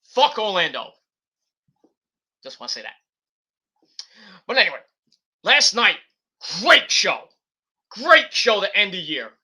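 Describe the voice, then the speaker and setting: High, lively, sharp-voiced man ranting. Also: takes it slowly, pauses often, slightly rough. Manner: rambling and profane, with frequent self-corrections. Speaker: wrestling show reviewer, host. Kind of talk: casual spoken review and rant. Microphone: computer setup while recording.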